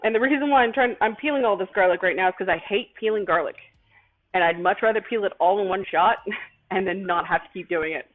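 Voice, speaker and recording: A woman's voice: mid-range voice, fast. Female cooking-stream host, casual and rambling, self-deprecating, tinny lo-fi audio. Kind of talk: casual chat while cooking. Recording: tinny phone-like stream audio with faint music.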